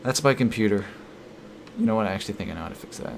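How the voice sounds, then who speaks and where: Gravelly low-voiced male streamer. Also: expressive, very fast, a little hiss or hum. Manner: rambling, self-correcting, chuckles often. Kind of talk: casual live-stream chat, reading viewer comments.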